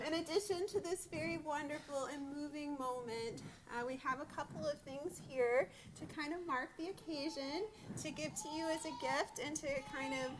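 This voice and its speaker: A woman rabbi speaking at a bat mitzvah service in a synagogue sanctuary, heartfelt and halting, with many restarts. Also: sits high. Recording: noisy livestream recording.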